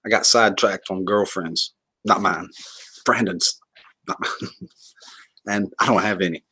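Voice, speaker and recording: A man's voice: low-pitched, steady tone, measured pace, bright, forceful tone, slightly rough. A man hosting a casual livestream, joking, laughing often and rambling as he greets viewers and reads comments. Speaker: livestream host.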